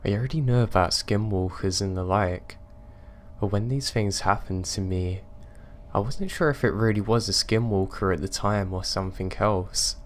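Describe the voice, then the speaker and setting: A man narrating reader-submitted horror stories in a calm, even storytelling delivery. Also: fairly low pitch, normal speed, slight background noise.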